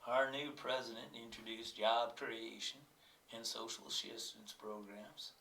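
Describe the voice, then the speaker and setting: A man's voice: mid-range voice, level tone, unhurried, bright, forceful tone, echoey room, recorded from a distance, a little hiss or hum. A man with a cold, a teacher thinking aloud as he works through exam questions and reads passages aloud. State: has a cold.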